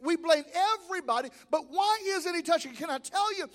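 A male pastor delivers an emphatic sermon in a church sanctuary. His voice sits very high and keeps rising and dropping in pitch and volume. A long reverb trails every phrase. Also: brisk, a bit bright. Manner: emphatic preaching with sudden rises and drops in pitch and volume.

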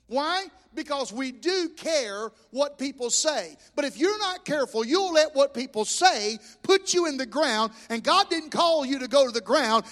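A man preaching a fervent sermon, swelling loud and restarting his words as he goes. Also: very high-pitched, animated, normal speed. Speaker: pastor. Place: church sanctuary. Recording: long echoing reverb of a church hall.

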